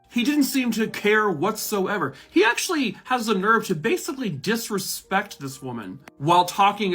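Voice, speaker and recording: A man's voice: sits high, a bit bright, slightly rough. A man with a slightly raised voice gives casual true crime commentary to camera. He is blunt and sarcastic and swears freely. Faint music plays under his voice. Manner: blunt, sarcastic, profane ranting. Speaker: true crime content creator.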